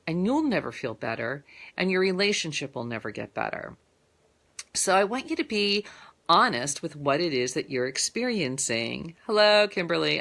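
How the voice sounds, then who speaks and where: A middle-aged woman with a low voice talks casually to her viewers as a relationship therapist. She is earnest and rambles, with frequent fillers and self-corrections. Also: fairly bright tone. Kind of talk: casual advice talk to viewers.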